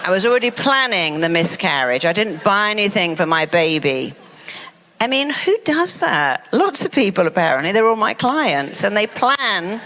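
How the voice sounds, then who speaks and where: A woman's voice: mid-range voice, very animated, moderate pace, a bit bright. A woman therapist giving a motivational talk, wry and acting out her clients' voices. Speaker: therapist and speaker.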